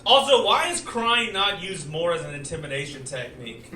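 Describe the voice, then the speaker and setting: A man performing a stand-up comedy set, animated, with loud acted outbursts. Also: fairly high pitch, normal speed, pauses often, heavy background noise. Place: comedy stage in a poker room. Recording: roomy live club sound from far off. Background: audience laughter.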